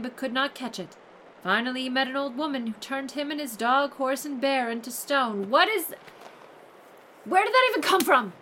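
A woman's voice: high-pitched, sharp tone, a little hiss or hum. A woman reading fairy tales aloud as host, breaking off into sarcastic, mock-exasperated commentary. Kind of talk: comic storytelling reading with running commentary.

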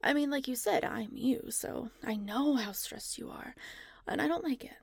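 A woman's voice: fairly high pitch, normal speed, creaky, slightly rough, no echo, studio quality. A woman playing a teasing, uninhibited clone of a scientist, talking in a seductive, often whispered way in an erotic audio role-play.

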